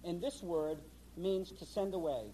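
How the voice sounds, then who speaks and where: A man's voice: sits high, measured pace, warm tone, a little hiss or hum, poor audio. A man teaching the Bible to pastors in training, emphatic, repeating key words and quizzing the class while he writes on a board.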